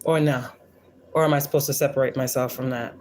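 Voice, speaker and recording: A woman's voice: very deep voice, steady tone, fast, a little mellow, slight background noise. A woman hosting a casual spiritual livestream, talking in a blunt, profane, preachy and defiant way, often repeating lines for emphasis. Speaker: spiritual reader and livestream host.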